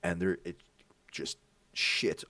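A man's voice: deep voice, fairly even intonation, slow, sharp tone, dry recording. A young man, telling a story in casual chat with stammers and swearing. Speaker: friend in the chat. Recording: dry, a bit far from the mic.

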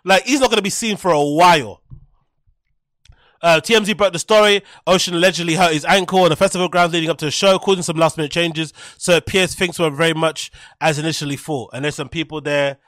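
A man's voice: a little high, fairly even intonation, fast, a bit bright, no room sound, clean studio sound. A man with a British accent rambling through a casual solo podcast, mocking and swearing freely as he talks. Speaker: podcast host.

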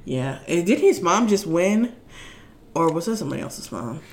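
A woman's voice: on the low side, very animated, moderate pace, background noise. A young woman co-hosting a podcast, chatting casually in a dry, teasing way. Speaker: podcast co-host. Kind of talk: casual chat.

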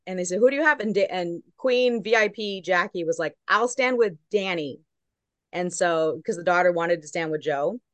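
Woman, casual storytelling, lively quotes, dry close sound. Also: on the low side, no room sound. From Long Beach, California. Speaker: guest correspondent. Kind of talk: casual chat.

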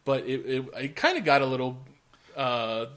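A man's voice: medium pitch, expressive, moderate pace, a bit bright. A man hosting a podcast in casual chat, steering topics with many hesitations and frequent laughter. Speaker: podcast host.

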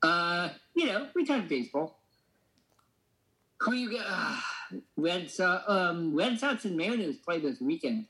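A man's voice: high voice, sing-song, pushed and bright, low-quality recording. Joking man hosting a podcast. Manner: joking, quick asides. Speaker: podcast host. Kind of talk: casual podcast banter.

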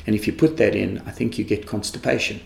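A man, a karate instructor in a podcast interview, telling animated stories that he acts out. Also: fairly low pitch, quick pace, gravelly. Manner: animated storyteller who acts out quotes and laughs often. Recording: echoey room.

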